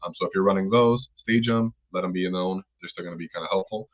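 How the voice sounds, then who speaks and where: A man co-hosting a casual live stream talks enthusiastically and fast, rambling and thanking viewers by name. His voice is low-pitched with fairly even intonation, and the stream audio is dull and lo-fi.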